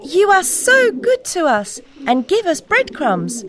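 A woman doing high cooing storybook doves. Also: wildly swooping pitch, slow, a crowd in the background, heavily acted. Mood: comforting. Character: chorus of sweet cooing pigeons and doves.

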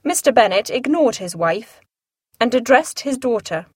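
A woman's voice: fairly high pitch, animated, moderate pace, a little mellow, husky, dry recording, clean studio sound. Woman narrating a classic novel. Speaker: audiobook narrator. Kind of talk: scripted audiobook narration.

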